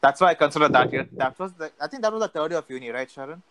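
A young man chatting casually with a friend, excitable, laughing often and swearing freely. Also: fairly high pitch, very fast, rough recording. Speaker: friend and co-guest. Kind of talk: casual podcast chat.

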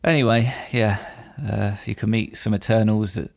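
A man's voice: lowish voice, fairly even intonation, normal speed, gravelly, a little mellow, no echo. A man hosting a podcast in casual chat, with dry, self-deprecating humor. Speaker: podcast host.

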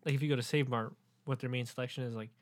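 A man's voice: mid-range voice, fairly even intonation, rapid-fire. A man from California co-hosting a podcast, talking in a laid-back way with joking asides. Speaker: podcast co-host. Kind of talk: casual chat.

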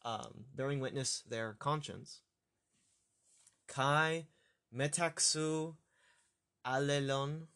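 A man working through a scripture passage aloud as a teacher, thinking out loud, halting and correcting himself. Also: mid-range voice, fairly even intonation. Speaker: Bible study teacher.

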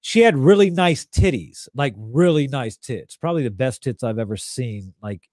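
A young man telling a crude story in casual podcast chat, rambling and animated. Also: mid-range voice, moderate pace, no echo, studio quality.

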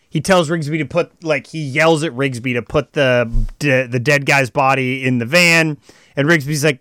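A man co-hosting a casual podcast, retelling a TV episode in animated bursts and quoting the characters along the way. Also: mid-range voice, no room sound, studio quality. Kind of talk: casual plot recap.

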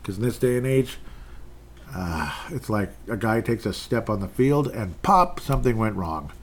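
A man's voice: lowish voice, expressive, moderate pace, a little hiss or hum. A man hosting a casual sports recap podcast, rambling and joking with asides as he runs through the scores. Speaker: podcast host.

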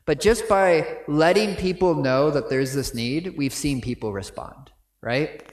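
A man's voice: fairly high pitch, measured pace, reverberant. A man giving a sermon in a conversational way, often checking in with his listeners with asides. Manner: conversational, frequent "right?" asides. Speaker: pastor. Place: church sanctuary.

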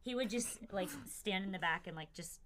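A woman's voice: mid-range voice, normal speed, a crowd in the background. A woman in her forties, a teacher, chatting casually on a podcast in a hesitant way with many fillers.

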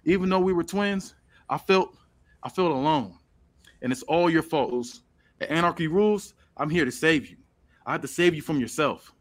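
A man voicing a bitter wrestler, cold, accusing, slightly raised pitch. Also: moderate pace, natural voice. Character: bitter male wrestler turning on his twin.

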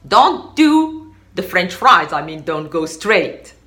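A woman's voice: fairly low pitch, big pitch swings, takes it slowly, a bit bright, pitched below the performer's own voice, exaggerated voice. A woman voicing her encouraging male friend who teaches her to ski, in a reassuring, coaxing way. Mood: explaining.

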